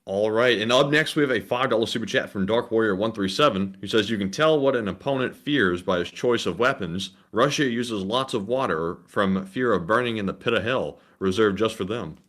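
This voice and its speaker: A man's voice: on the low side, a little fast, hardly any pauses, a bit bright. A man co-hosting a livestream, reading out donor names and messages and sometimes stumbling over names. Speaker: co-host reading donations.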